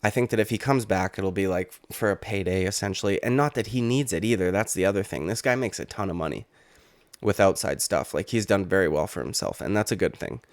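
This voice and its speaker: A man's voice: low voice, fairly quick, no room sound. A man in his late twenties giving casual, rambling, profane reaction commentary on fighting news. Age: late 20s. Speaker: MMA YouTuber.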